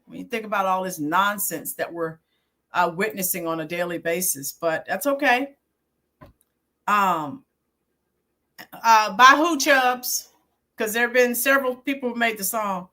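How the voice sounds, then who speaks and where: Slow-talking bright-voiced woman host. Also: mid-range voice. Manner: chatty, reminiscing, answers viewers by name. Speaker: YouTube channel host and teacher. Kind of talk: casual live-stream chat.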